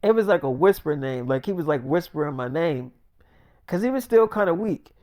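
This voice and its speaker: A man casually retelling a story in an animated, profane way, acting out each character's voice. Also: on the high side, moderate pace, no room sound, clean studio sound.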